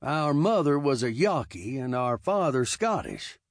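A man voicing a calm, cocky young frontier gunman with a slow, easy drawl. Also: on the high side, dry recording, studio quality. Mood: laconic.

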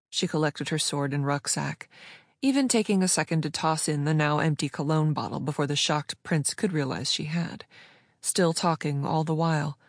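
A woman with a low-pitched voice reading a story aloud, smooth and measured in her delivery. The recording is dry and close, with no room sound around her. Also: no echo. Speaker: audiobook narrator. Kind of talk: scripted narration.

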